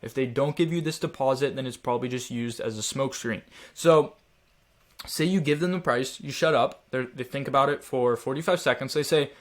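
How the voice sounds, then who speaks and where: A man's voice: medium pitch, a little fast. A man teaching a sales training lesson in a direct, coaching manner, urging his listeners on.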